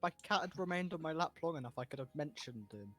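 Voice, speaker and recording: A man's voice: fairly high pitch, expressive, quick pace, fairly bright tone, soft background music. A man playing in an online tabletop game, making dry, wry remarks in casual chat. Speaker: player.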